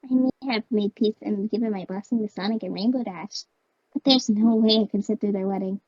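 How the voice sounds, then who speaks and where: A woman voicing Amy Rose, a gentle, lovelorn young female hedgehog, in an amateur fan drama. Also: mid-range voice, brisk, dry recording, dull audio, natural voice. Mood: earnest.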